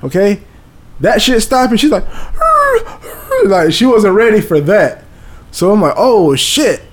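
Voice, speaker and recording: A man, telling a story in casual chat, animated and profane, acting out voices and sounds. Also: high-pitched, moderate pace.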